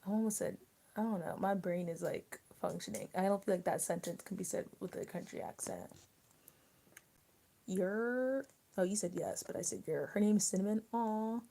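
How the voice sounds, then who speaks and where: Mellow, rambling young woman streamer. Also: medium pitch, moderate pace, creaky. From Maryland, USA. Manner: rambling, filler-heavy, chatty. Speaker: livestream host. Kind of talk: casual livestream chat.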